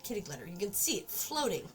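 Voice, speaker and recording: A woman's voice: mid-range voice, wildly swooping pitch, a little fast, a bit bright, faint music behind. A woman streamer chatting casually while crafting at home, often cooing at her cat. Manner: chatty, talks baby-talk to her cat. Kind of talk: casual livestream chat.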